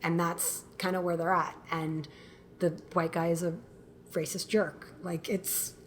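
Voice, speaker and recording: A woman guest filmmaker talking in a casual interview, animated and quick to laugh, acting out what people said. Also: on the low side, a little hiss or hum. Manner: animated storyteller, laughs often, acts out quotes.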